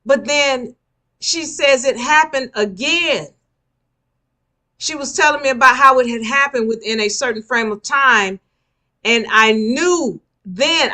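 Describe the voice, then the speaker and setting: Speaking with a fairly high, pushed, bright voice, a spiritual teacher delivers a live lecture, stressing her points forcefully and going over them again for listeners.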